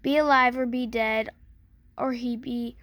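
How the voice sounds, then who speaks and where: A woman's voice: on the high side, steady tone, measured pace, fairly bright tone, no echo. A woman doing a bellowing man-eating giant. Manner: bellowing, commanding.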